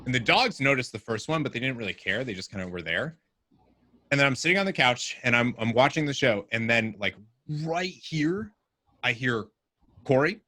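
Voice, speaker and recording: A man's voice: medium pitch, very animated, moderate pace, pushed and bright, dry recording. A man guest on a podcast, telling a casual story with many filler words. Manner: rambling, lots of "like" fillers.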